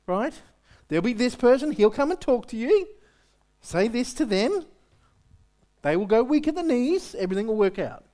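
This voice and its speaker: A pastor preaches to his congregation in a conversational way, throwing out rhetorical questions. His pitch swings freely up and down and stays lively throughout. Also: normal speed, long pauses. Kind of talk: sermon.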